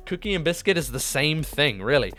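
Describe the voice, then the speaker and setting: A young British man chatting casually with viewers during a live game stream, laughing often and jumping to high-pitched disbelief. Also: fairly bright tone. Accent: British English. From United Kingdom. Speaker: livestreamer.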